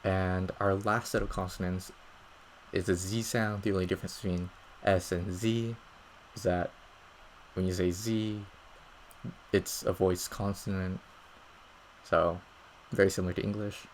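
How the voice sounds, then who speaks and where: A low-voiced man teaches pronunciation over slides, taking it step by step and often checking in with listeners. His tone is patient and methodical. A faint room hum sits behind him. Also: little pitch movement, unhurried, long pauses, rough recording. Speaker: language teacher.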